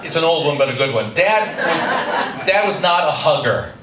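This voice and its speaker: A man's voice: on the high side, lively intonation, moderate pace. Dry-humored middle-aged male storyteller. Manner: dry, self-deprecating humor. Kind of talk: live personal storytelling. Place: live stage before an audience. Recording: roomy, distant stage recording with audience noise.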